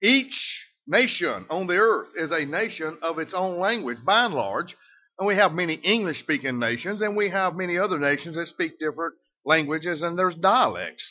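A middle-aged man with a Southern US accent preaching a sermon in a folksy way, switching between emphatic and soft delivery. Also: a little high, lively intonation, moderate pace. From Southern United States. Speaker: pastor. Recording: dull lo-fi sound.

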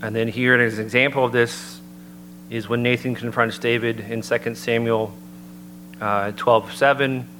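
A man's voice: mid-range voice, level tone. Earnest man preaching over a hum. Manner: measured, earnest, citing scripture. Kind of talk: sermon-style talk. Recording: noticeable background hum.

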